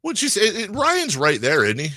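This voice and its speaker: This sports radio host is a high-pitched man talking at a moderate pace in loose on-air chat, animated, rambling, and prone to interrupting himself. His studio microphone delivers a dry, clean studio sound.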